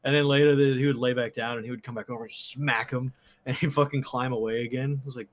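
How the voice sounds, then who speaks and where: A man's voice: mid-range voice, fairly even intonation, fast talker. A young man co-hosting a podcast in casual chat, loose and profane, laughing often. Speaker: podcast co-host.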